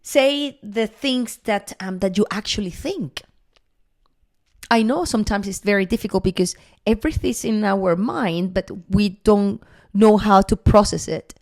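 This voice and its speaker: A woman speaks as a guest in a podcast conversation, earnest and encouraging. Her voice sits at a middle pitch for a woman. She pauses often with soft fillers while she gathers her thoughts.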